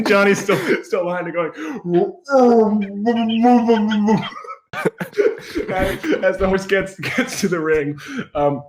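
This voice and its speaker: A man playing a comedic tabletop game, laughing often and acting out his wrestler's shouts. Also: high voice, lively intonation, very slow, slight background noise. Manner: laughs constantly, acts out his character's shouts. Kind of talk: casual comedic game play.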